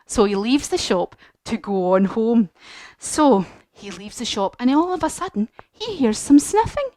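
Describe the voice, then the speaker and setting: A woman leading a children's yoga lesson as a story, animated and encouraging. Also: on the high side, measured pace, no echo. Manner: animated, encouraging, sing-song. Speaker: kids yoga teacher.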